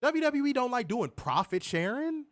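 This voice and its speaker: A man's voice: very high-pitched, big pitch swings, moderate pace, a bit bright. A man co-hosting a wrestling podcast, ranting heatedly with plenty of profanity in a casual, fired-up way.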